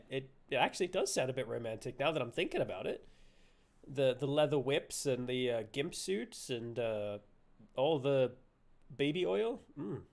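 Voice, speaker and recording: A man's voice: mid-range voice, creaky. A man live-streaming a game, cracking silly jokes and laughing. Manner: joking, giggly, silly asides.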